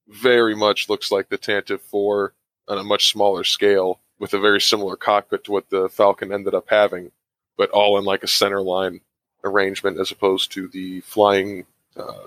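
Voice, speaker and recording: A man's voice: lowish voice, fairly bright tone, no echo. A man guesting on a podcast in casual chat, knowledgeable and precise with details.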